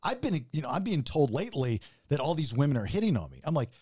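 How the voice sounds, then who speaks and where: A man telling a story in casual podcast chat, his voice leaping up high whenever he acts out what someone said. His pitch is lively and animated, and he swears freely. The recording is dry and close. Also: fast talker, breathy edge, no echo.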